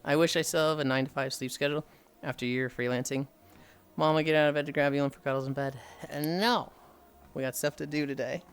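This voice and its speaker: Male streamer, Midwestern American accent, slightly high voice, loose and profane chat with viewers. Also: steady tone, fast, clear, resonant tone. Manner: rambling, swears freely, answers chat messages aloud.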